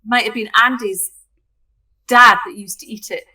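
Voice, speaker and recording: A woman's voice: a little high, fairly even intonation, normal speed, sharp tone, breathy edge, poor audio. A woman from Scotland co-hosting a casual crafting chat from her craft room over a video call, friendly and prone to digressing. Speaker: co-host, craft kit business owner.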